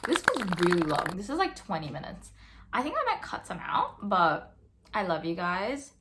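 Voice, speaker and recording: A woman's voice: fairly low pitch, a bit bright, slight background noise. A young woman talking straight to camera in a casual opinion vlog, chatty and earnest, with lots of fillers. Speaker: vlogger.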